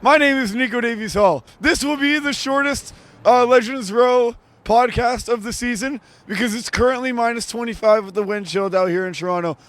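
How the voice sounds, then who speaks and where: A man hosting a casual sports podcast outdoors in the freezing cold, joking, loud and excitable. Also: very high voice, moderate pace. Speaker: podcast host.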